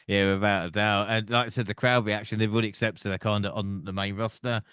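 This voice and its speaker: A man hosting a podcast, recapping events in plain, steady run-downs and passing the talk to his co-hosts. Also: on the low side, fast, smooth, no room sound, clean studio sound. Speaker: podcast host. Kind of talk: casual recap and discussion.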